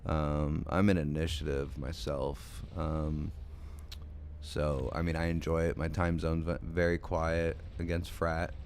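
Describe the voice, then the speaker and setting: A man's voice: very deep voice, flat delivery, measured pace, a little mellow, slight background noise. A man streaming a game late at night, sleepy and yawning, chatting casually with viewers in a rambling, hesitant way full of ums and restarts. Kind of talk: casual livestream chat with viewers.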